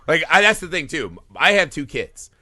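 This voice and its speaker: A man's voice: fairly high pitch, moderate pace, dry recording, studio quality. A man in his thirties co-hosting a film podcast, talking casually and swearing a lot as he acts out scenes. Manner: animated, profane, acts out scenes in quoted voices. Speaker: podcast co-host.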